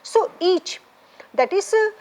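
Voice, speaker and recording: A woman's voice: extremely high pitch, expressive, takes it slowly, a little mellow, rough recording. A woman lecturing on literature, explaining by repeating key points and often checking in with "right?" and "okay?". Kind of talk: classroom lecture.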